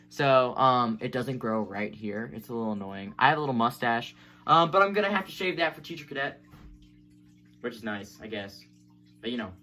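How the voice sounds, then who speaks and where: Bright-voiced young man, chatty vlogger. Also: mid-range voice. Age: young adult. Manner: chatty, self-deprecating, laughs often. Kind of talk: casual vlog chat and poem reading.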